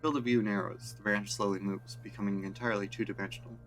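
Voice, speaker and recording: A man streaming a video game, reading its text aloud in a flat, deadpan way with wry asides. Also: lowish voice, fast talker, soft background music.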